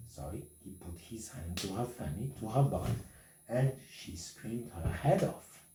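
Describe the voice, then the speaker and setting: Man coaching piano, mellow voice, roomy distant sound. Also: on the low side, expressive, measured pace, a little hiss or hum. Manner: sings and scats rhythms to demonstrate; non-native English phrasing. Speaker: piano teacher.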